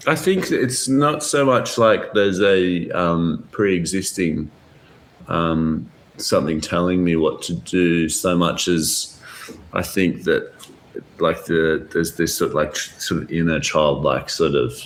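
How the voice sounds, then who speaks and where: Slow and low-voiced, an Australian man from Melbourne guests on a podcast, telling meandering stories full of filler words. He's a jazz pianist who also teaches, and a faint hiss or hum sits under the audio.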